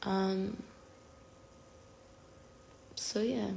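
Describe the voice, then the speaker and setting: A woman's voice: medium pitch, fairly even intonation, extremely slow, creaky, a little mellow, slight background noise. A woman in her twenties chatting candidly and confessionally to fans on a phone livestream from home, rambling and self-conscious.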